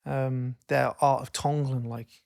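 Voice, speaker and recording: A man co-hosting a podcast in casual chat, rambling and self-interrupting, swearing freely and getting animated when he tells stories. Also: mid-range voice, slow pace, gravelly. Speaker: podcast co-host.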